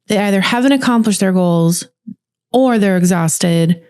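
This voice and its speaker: Female podcast co-host, mid-pitched, lively and talkative, casual chat. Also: unhurried, smooth. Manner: lively, talkative, explains at length.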